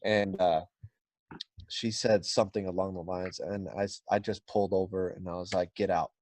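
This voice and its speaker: Young man, Californian accent, lowish voice, dry close sound, profane blunt storyteller. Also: level tone, normal speed, darkish tone, dry recording. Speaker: podcast guest. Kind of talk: casual storytelling.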